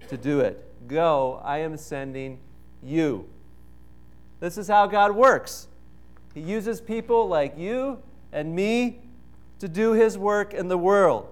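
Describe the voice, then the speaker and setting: A male pastor delivers his sermon at an unhurried, deliberate pace. His voice sits fairly high and comes across smooth and resonant. He leans into phrases with emphatic pauses. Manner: slow, emphatic preaching with dramatic pauses.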